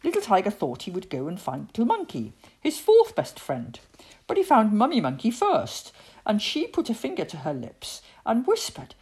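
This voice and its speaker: A woman reading a children's picture book aloud, expressive and dramatic with pauses. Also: on the high side, slightly rough. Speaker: storyteller.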